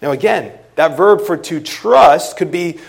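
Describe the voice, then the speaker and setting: Man, sermon, fairly high voice, emphatic stresses, quiet trailing ends. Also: lively intonation, vocal fry. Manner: emphatic, swings between loud stresses and quiet trailing phrases; deliberate, scripture-quoting. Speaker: preacher. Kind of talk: expository sermon.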